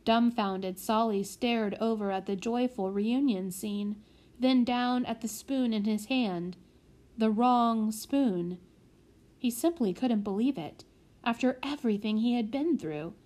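Measured woman narrator for a children's audiobook, unhurried, a touch high. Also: darkish tone. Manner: measured, with small slips corrected.

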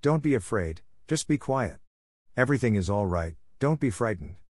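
A man voicing a kind, calm middle-aged doctor who speaks gently and reassuringly. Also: medium pitch, moderate pace, dry recording, studio quality, lightly acted. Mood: gentle.

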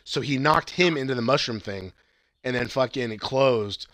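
A man casually recapping a movie plot on a podcast, excited and rambling, swearing often and laughing at the funny parts. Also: mid-range voice, moderate pace, dry recording. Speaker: podcast co-host reviewing movies.

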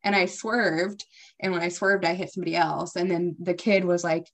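A young woman with a slightly low voice tells stories in a casual podcast chat. She acts out what she said back then and jumps up in pitch for those moments. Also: steady tone, normal speed, fairly bright tone. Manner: storytelling, acts out her own past lines. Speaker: co-host, spiritual medium.

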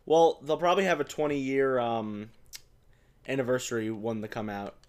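A man in his twenties co-hosting a casual chat, animated and swearing, acting out quotes. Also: medium pitch, normal speed. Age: 20s. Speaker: podcast co-host.

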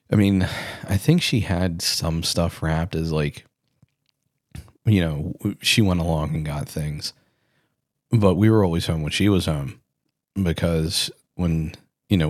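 Male podcast host in his thirties, deep voice, loose self-correcting storyteller, dry close mic. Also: no echo. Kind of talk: casual solo podcast talk.

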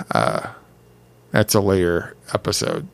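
A man co-hosting a casual podcast, teasing his partner and halting often with fillers. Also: deep voice, sing-song, gravelly. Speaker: podcast co-host.

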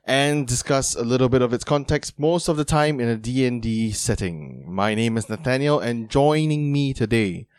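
A man's voice: medium pitch, normal speed, few pauses, a little mellow, clear, resonant tone, no room sound, clean studio sound. A man co-hosting a casual podcast chat, joking around, laughing often and slipping into silly voices. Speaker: podcast co-host.

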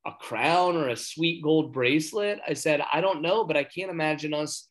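A man telling a story in casual chat, earnest and rambling, getting excited as he talks. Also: on the high side, normal speed. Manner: earnest, excitable when talking faith; rambling with many fillers and restarts.

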